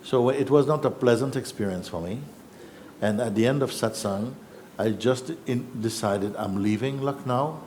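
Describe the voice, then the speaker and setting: A man giving a spiritual talk, telling a personal story in an unhurried, reflective way with soft laughs and hesitations. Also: mid-range voice, a little hiss or hum. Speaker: spiritual teacher. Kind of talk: satsang storytelling. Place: satsang gathering in Rishikesh.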